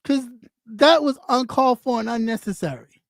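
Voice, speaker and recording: The voice belongs to a woman streamer who speaks in a high pitch and rants bluntly at her audience. She swears constantly and mocks people as she goes. The recording is dry and close, with no room echo. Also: normal speed. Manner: blunt, mocking, heavy swearing. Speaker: YouTube streamer. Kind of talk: profane rant on camera.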